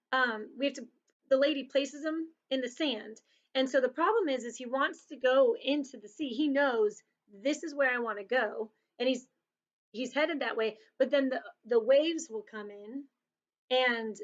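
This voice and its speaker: Woman, storyteller for kids, chatty and animated, slightly high voice, dull lo-fi recording. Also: unhurried. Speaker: storyteller reading to children. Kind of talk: casual storytelling to children. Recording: dull lo-fi sound.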